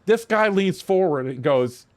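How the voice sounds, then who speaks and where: An older man casually telling a military story while streaming a game, profane and animated, acting out the exchanges he quotes. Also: high voice, a little slow.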